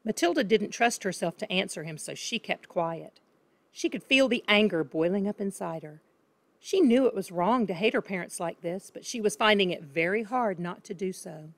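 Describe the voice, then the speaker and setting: A woman narrating a children's book in a calm, expressive reading voice. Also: mid-range voice, normal speed, vocal fry, dry recording. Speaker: reader. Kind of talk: storybook narration.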